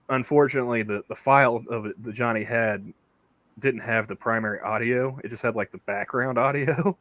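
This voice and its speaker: A man's voice: medium pitch, a bit bright, no room sound. A man co-hosting a casual online chat show, talking in a rambling way full of "you know" fillers and restarts. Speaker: podcast co-host.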